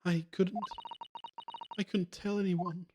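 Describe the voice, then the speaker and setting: A man's voice: high voice, level tone, takes it slowly, background noise, voice pushed up. A man voicing a frightened young woman witness, stammering and timid. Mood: fearful.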